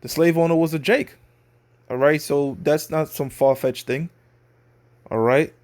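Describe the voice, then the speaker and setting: A man's voice: fairly high pitch, fairly even intonation, a little slow, a little mellow. Man teaching scripture informally. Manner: conversational, keeps checking in with listeners; slangy street talk. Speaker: religious teacher.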